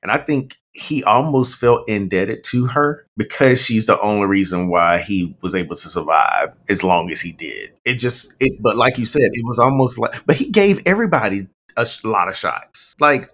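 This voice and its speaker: A man co-hosting a podcast in casual chat, animated and acting out characters' lines as he recounts them. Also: fairly low pitch, normal speed, few pauses. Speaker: podcast co-host.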